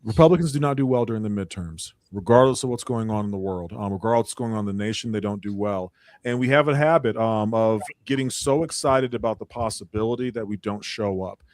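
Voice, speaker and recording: A man's voice: lowish voice, quick pace, darkish tone. A man on a ministry talk panel, speaking emphatically and slipping into mocking voices when he quotes people. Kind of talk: opinionated panel chat.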